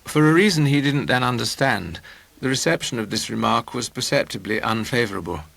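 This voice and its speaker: A man's voice: medium pitch, expressive, fairly quick, vocal fry, fairly bright tone, dry recording, low-quality recording. A man narrating a comic novel in an audiobook, with a wry, dry delivery.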